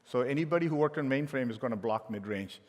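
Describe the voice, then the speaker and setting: A man's voice: medium pitch, animated, quick pace, a little mellow. A middle-aged man giving a conference keynote as a tech executive, telling joking anecdotes with frequent restarts. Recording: long hall reverb.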